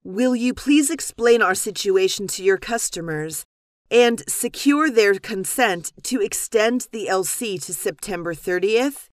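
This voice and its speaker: Clear woman reading scripted business dialogue. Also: medium pitch, no echo, clean studio sound. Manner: measured, even, clearly articulated reading. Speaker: dialogue reader and lesson announcer.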